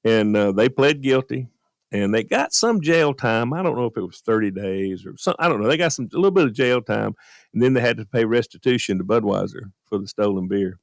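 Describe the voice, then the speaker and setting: Fairly quick and on the low side, this man's voice comes through in clean studio sound with no echo. An animated guest storyteller who used to drive a beer truck, he tells a story in a casual radio podcast chat and acts out the quoted voices of its characters.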